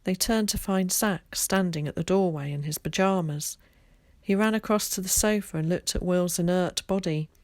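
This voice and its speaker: A woman teacher reading a children's novel aloud, clear and expressive. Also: fairly low pitch, moderate pace, no room sound.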